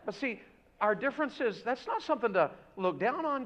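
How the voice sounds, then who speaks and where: A man preaching a revival sermon in church, swinging between loud emphatic exhortation and soft joking asides. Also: very high voice, very animated, moderate pace. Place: church sanctuary.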